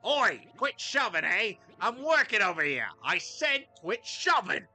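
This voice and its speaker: A man voicing a gruff, panicked sailor in a video game, yelling in a high, strained voice. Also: sing-song, unhurried, soft background music, exaggerated voice. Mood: angry. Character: panicked shouting male sailor, rough and pushy.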